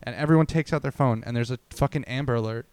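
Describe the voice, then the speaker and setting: A man telling rambling, crude stories on a comedy podcast. His voice is smooth and clear, and it sounds close-miked and dry, with no room sound. He keeps breaking into acted-out quotes as he goes. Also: medium pitch, quick pace, a little mellow, no room sound. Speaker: podcast co-host. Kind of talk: casual comedy podcast chat.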